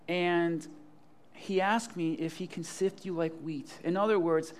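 Animated high-voiced male preacher. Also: measured pace. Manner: animated, acts out Bible scenes in casual voices, laughs often. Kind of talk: sermon.

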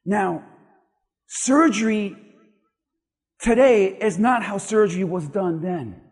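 A man with a strikingly high voice preaches a sermon, calling out questions to the congregation and pressing his points with growing force. His words ring out with a long reverb, as if he stands in a large church hall. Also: takes it slowly. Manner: preaching with rising intensity, rhetorical questions to the congregation. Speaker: pastor.

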